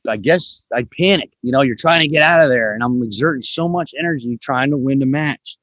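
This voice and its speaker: A man's voice: medium pitch, a little fast, fairly bright tone, no echo. A man hosting a podcast in a casual, chatty way, swearing now and then. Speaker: podcast host.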